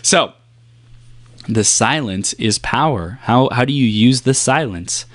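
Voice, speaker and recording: Man, motivational talk on pacing, deliberate pauses, mid-pitched voice, dry close sound. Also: animated, no echo. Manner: deliberate pauses, shifts pace and softness to demonstrate.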